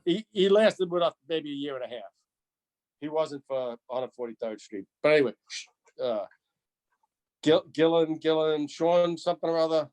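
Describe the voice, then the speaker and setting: A man's voice: fairly high pitch, normal speed, long pauses. Man in his sixties telling a fire story. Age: 60s. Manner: animated, repetitive storytelling. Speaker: retired firefighter. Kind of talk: storytelling interview.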